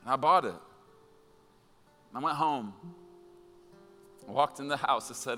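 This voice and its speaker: A male pastor preaching a sermon, telling a personal story and acting out the dialogue with animated energy. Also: mid-range voice, measured pace, long reverb tail, soft background music.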